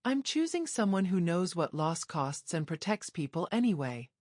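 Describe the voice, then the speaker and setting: Woman doing a resolute young heroine, earnest, lowish voice, lively inflection. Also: moderate pace, no echo, studio quality. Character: determined young woman choosing love over fear.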